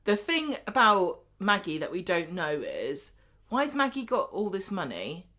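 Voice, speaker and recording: A woman co-hosting a casual podcast, quick and questioning as she argues her points. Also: medium pitch, wildly swooping pitch, bright, forceful tone. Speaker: podcast co-host. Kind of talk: casual chat about a TV soap.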